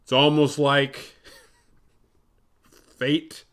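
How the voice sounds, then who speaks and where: A man's voice: fairly high pitch, flat delivery, very slow, a bit bright, clean tone. A man hosting a horror movie podcast, recapping a film in a rambling, profane, sarcastic way.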